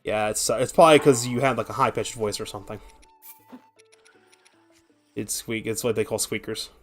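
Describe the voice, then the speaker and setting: A man's voice: fairly low pitch, moderate pace, soft background music. A young man streaming a game, telling long rambling stories with lots of swearing and filler. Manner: rambling, profane, animated storytelling. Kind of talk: casual gameplay chat and storytelling.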